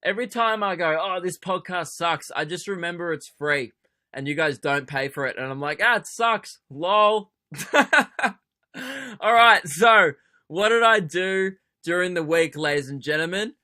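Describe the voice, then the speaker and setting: A man's voice: sits high, expressive, a little slow, pushed and bright. A young Australian man hosting a comedy podcast, telling a sarcastic, sweary story. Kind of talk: comedic solo podcast rant.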